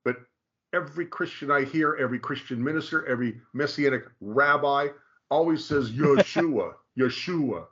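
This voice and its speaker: A man presenting in a casual explanatory discussion, halting and restarting often and drawing out key names slowly. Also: on the high side, bright, forceful tone, muffled recording. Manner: halting, frequent restarts, slow drawn-out stress on names.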